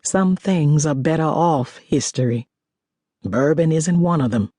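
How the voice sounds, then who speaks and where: Woman narrator doing a cocky teasing lady scientist, warm husky voice, dry sound. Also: low voice, expressive, unhurried, no echo. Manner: dry, teasing, self-assured. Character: confident sharp-witted woman chemist, teasing.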